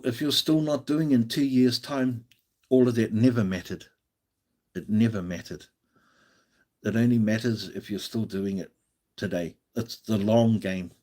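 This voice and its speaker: A man's voice: mid-range voice, a little mellow. An Australian man hosting a live stream, chatting casually and encouragingly, often restarting his sentences.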